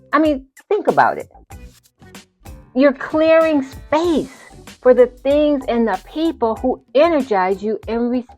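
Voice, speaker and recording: A woman with a lower-than-usual voice hosts a motivational podcast, speaking in an emphatic, preacherly way and repeating phrases for effect. Faint music plays quietly behind her. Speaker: podcast host.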